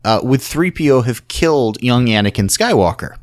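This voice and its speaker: A man hosting a podcast, casually recapping a convention panel in an animated storytelling way. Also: mid-range voice, moderate pace. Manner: animated storytelling, acts out quotes. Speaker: podcast host.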